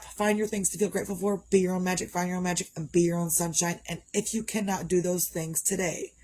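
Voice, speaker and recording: A woman's voice: lowish voice, low-quality recording. A tired, slightly winded woman talking casually in a motivational vlog, rambling and repeating herself in a candid way. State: tired and a bit out of breath. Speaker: vlogger.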